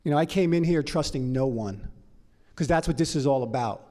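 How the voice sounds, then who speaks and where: A man from Los Angeles telling his life story at a recovery meeting, animated and profane. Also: on the high side, brisk. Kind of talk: personal story talk.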